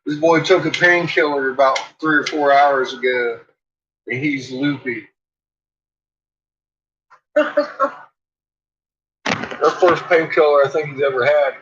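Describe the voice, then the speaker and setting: A vlogger chats casually while cooking in his home kitchen, swearing freely and teasing his dogs. His voice is a little high and a bit bright, and he speaks slowly with frequent pauses. The recording sounds echoey, distant, and dull, with dogs barking in the background.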